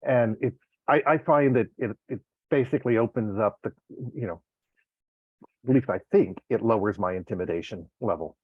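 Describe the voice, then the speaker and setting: A man's voice: fairly low pitch, moderate pace, slightly rough, no echo. A man joining a meetup discussion by video call, speaking hesitantly with many restarts. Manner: hesitant, repeats words often. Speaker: meetup participant. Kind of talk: casual group discussion. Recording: tinny phone-like line.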